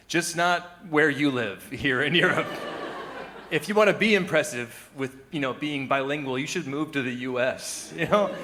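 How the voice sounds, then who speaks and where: A man's voice: on the high side, bright, forceful tone, a little hiss or hum. A man performing a stand-up comedy set, chatty and loose, chuckling at his own lines and putting on mock voices for the people he quotes. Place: live comedy venue with audience.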